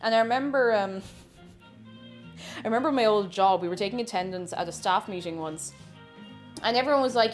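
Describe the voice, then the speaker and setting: A woman's voice: medium pitch, moderate pace, long pauses, soft background music. A young woman with an Irish accent, chatting casually on a live stream while she bakes, reading chat aloud and joking along. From Ireland.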